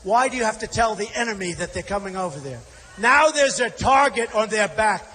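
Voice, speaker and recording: At large rally venues, a political candidate gives a combative, repetitive campaign speech straight to the crowd. His high-pitched voice is bright and forceful, with lively intonation and a fairly quick pace.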